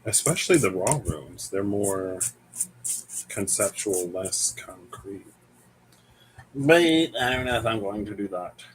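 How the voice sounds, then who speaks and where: Slow, meandering young Midwestern man. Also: on the low side, animated, slight background noise, poor audio. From American Midwest. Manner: meandering, hesitant, searching for words. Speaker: tarot reader. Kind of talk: casual tarot reading, thinking aloud.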